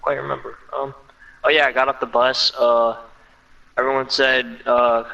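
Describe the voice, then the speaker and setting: A young man casually telling a story while gaming, animated and laughing, mimicking voices. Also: mid-range voice, moderate pace, vocal fry, highs cut off. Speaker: streamer. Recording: distant mic with faint noise.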